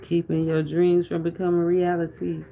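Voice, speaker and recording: A man's voice: fairly high pitch, completely flat delivery, moderate pace, creaky, narrow, tinny audio, slight background noise. A man giving a casual tarot reading to viewers, talking in a loose, repetitive, preacher-like rhythm with asides to the audience. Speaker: tarot reader.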